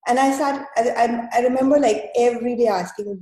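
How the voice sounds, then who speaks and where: A woman's voice: fairly high pitch, fairly quick, dark tone, roomy sound, low-quality recording. A woman guest telling her own story in an interview, hesitant and full of fillers and restarts. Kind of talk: conversational storytelling.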